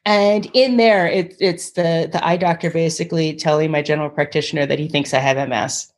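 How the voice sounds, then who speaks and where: With a deep, fairly even voice and a slightly fast delivery, this guest artist, a woman in her thirties, recounts her story in an interview. She laughs often and acts out the people she quotes.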